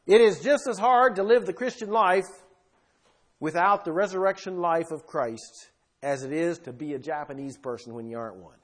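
A man preaching a sermon with emphasis, swinging between loud bursts and quiet asides. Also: a little high, normal speed.

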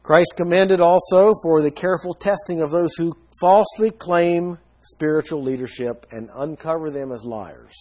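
A man delivers a sermon with a husky, breathy edge to his voice. He sits a little high in pitch and teaches earnestly, stressing key words with emphasis. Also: darkish tone. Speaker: preacher.

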